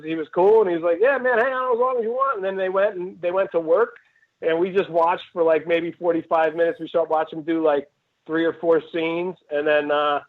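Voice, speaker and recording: A man from Cleveland, a comedian telling rambling stories in a casual interview, laughing often and restarting his sentences. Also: fairly high pitch. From Cleveland, Ohio, USA. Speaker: comedian guest. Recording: tinny phone-like line.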